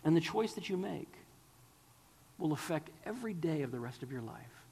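A man's voice: a little high, lively intonation, moderate pace, creaky, mellow, breathy edge, long reverb tail. A man preaching a sermon, earnest and pleading, sometimes dropping to a whisper.

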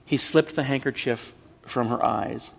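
A man reads a story aloud with measured, expressive pacing, dropping softer at the sad passages. His mid-pitched voice has a gravelly texture. A long reverb trails each phrase, as in a large hall. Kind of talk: dramatic story reading.

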